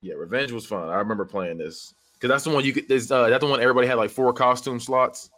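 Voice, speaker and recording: A man's voice: mid-range voice, a bit bright. A young man chatting casually as a podcast co-host, rambling and laughing easily. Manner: loose, laughing, quick and rambly. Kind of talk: casual chat.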